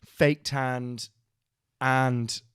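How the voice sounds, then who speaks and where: A man's voice: medium pitch, little pitch movement, very slow, fairly bright tone, clean tone. A Welsh man hosting a podcast, telling a rambling, sweary, self-mocking story in casual chat. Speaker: podcast host.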